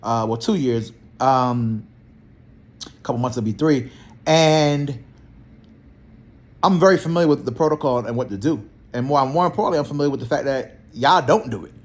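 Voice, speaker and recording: A young man, a healthcare therapist, telling work stories in a blunt, slangy, animated way and acting out both sides of the talk. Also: medium pitch, moderate pace, pauses often. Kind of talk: casual storytelling vlog.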